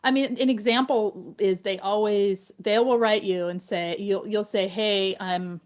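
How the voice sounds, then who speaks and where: A woman's voice: mid-range voice, normal speed, few pauses. Emphatic woman giving blunt advice. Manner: emphatic, acts out quoted texts with stammers. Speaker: guest expert. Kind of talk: casual live-stream chat.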